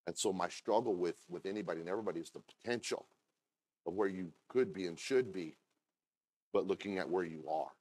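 A man preaching a sermon as pastor, talking conversationally with asides to the congregation and reading scripture slowly and deliberately. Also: low-pitched, a little mellow.

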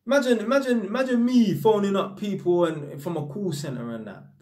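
A young man with a London accent talks to camera in a loose, slangy monologue. His voice sits a bit high for a man, and he tells his stories with real energy. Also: brisk. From North London. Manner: slangy street talk, animated storytelling. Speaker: vlogger.

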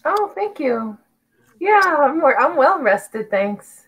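A woman's voice: sits high, big pitch swings, takes it slowly, dull audio. A woman co-hosting a casual live-stream, chiming in with short friendly remarks and jokes. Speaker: co-host.

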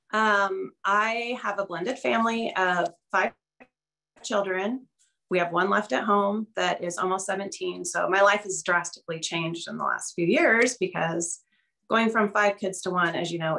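A woman's voice: mid-range voice, vocal fry, sharp tone. A middle-aged woman on a video call, telling her personal story candidly and a little nervously, with fillers and small laughs. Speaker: guest sharing her story. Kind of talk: casual video call testimonial.

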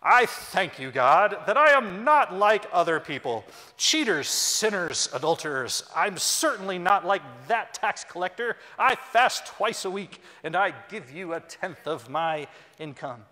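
A man's voice: high-pitched, big pitch swings, a little slow, voice pushed up, full character voice. A pastor voicing a self-righteous Pharisee man, praying in a pompous, boastful way. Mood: smug. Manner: pompous, boastful, declaiming loudly. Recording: long church reverb.

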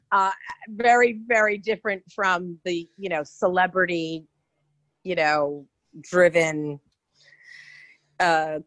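An actress from New York, her voice on the low side, recounts animated stories in a casual interview with lots of restarts. Her manner is chatty, and the recording carries no room sound.

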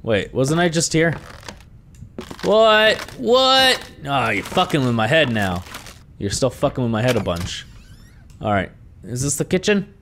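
A young man giving jokey, animated commentary while playing a horror video game, often swearing as he reacts. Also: mid-range voice, moderate pace, a little hiss or hum. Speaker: gaming YouTuber. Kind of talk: let's play commentary.

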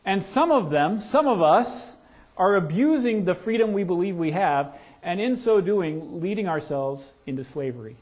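A male pastor preaching a sermon in a church, talking casually and asking the congregation questions. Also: expressive. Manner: conversational, asks the congregation questions; lowers to a soft, slow voice in prayer. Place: church sanctuary.

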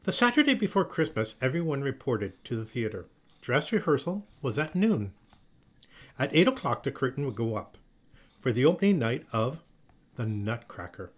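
A man reading a children's picture book aloud in a slow, expressive storytelling manner. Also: mid-range voice. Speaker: storybook reader.

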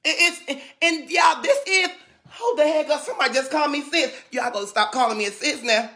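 A man's voice: very high-pitched, lively intonation, fairly quick, pushed and bright. A man from St. Louis ranting dramatically on a livestream, sassy and repetitive, often stumbling over his words. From St. Louis, USA. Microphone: phone.

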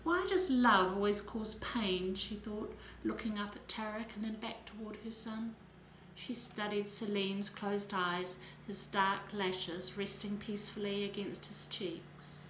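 A woman narrating a romance audiobook at a slow, careful pace. The reading has a roomy echo, with faint noise underneath. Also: medium pitch, flat delivery, a bit bright.

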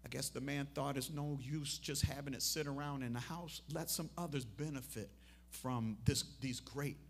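A man preaching a memorial sermon. He tells a parable, acts out what people say, and swells into loud, emphatic appeals. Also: mid-range voice, steady tone, moderate pace.

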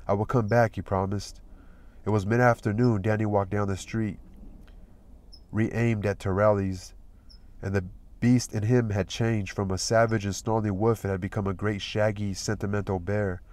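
A man reading a novel aloud as narrator, in a steady, measured storytelling manner. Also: on the low side. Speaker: audiobook reader.

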